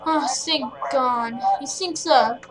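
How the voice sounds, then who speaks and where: A woman's voice: high-pitched, poor audio. A woman commenting on her own horror game playthrough, jumpy and rambling, cracking silly jokes and yelping now and then. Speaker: gamer playing a horror game. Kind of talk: let's play commentary.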